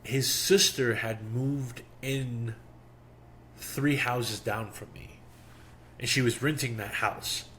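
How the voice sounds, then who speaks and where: A young man hosting a podcast, telling a personal story in a casual, animated way and acting out the quotes. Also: mid-range voice, a little hiss or hum. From Miami. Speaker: podcast host.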